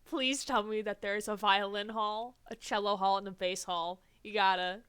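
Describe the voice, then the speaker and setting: A woman's voice: mid-range voice, steady tone, normal speed, a bit bright, smooth. A young woman streaming a game, chatting casually and laughing often. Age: young adult. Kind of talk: casual let's-play chat.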